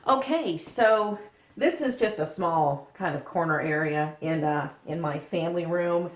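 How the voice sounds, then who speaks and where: Chatty woman, low-pitched, home vlog in an echoey room. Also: unhurried. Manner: chatty, jokey, talks to the camera and her cats. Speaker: vlogger. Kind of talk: casual chat. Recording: echoey room, faint noise.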